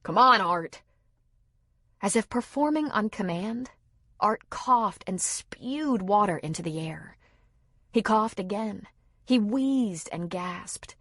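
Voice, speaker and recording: A woman narrating an audiobook in a steady, dramatic manner, read close to a studio mic. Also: mid-range voice, takes it slowly, no room sound. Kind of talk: scripted narration.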